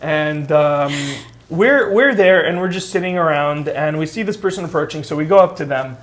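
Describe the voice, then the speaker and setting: A man with a slightly higher voice tells a spooky story in easygoing chat. He rambles with lots of fillers and acts out the people in his tale. He talks from a studio while makeup is done on him. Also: moderate pace. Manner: animated, filler-heavy storytelling with acted quotes. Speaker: storyteller and co-host.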